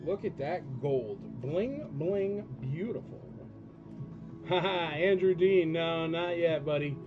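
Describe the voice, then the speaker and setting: A chatty man hosts a live auction stream, rambling off into jokes and talking straight to his viewers. His voice sits a touch high for a man. The audio is dull and lo-fi, with loud music playing underneath. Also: takes it slowly.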